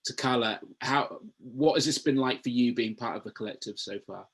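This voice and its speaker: A man hosting a webinar panel over a video call, passing questions around in a relaxed, conversational way. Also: medium pitch, normal speed, husky. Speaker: webinar host. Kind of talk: moderating a panel.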